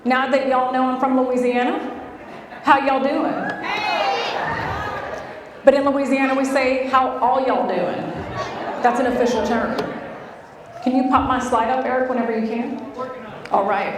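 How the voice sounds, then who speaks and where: A woman's voice: high voice, level tone, moderate pace, long pauses, noisy background. A woman from California, giving a playful, chatty keynote speech and talking to the crowd in a hotel conference hall. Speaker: keynote speaker. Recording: echoey hall, mic from far off.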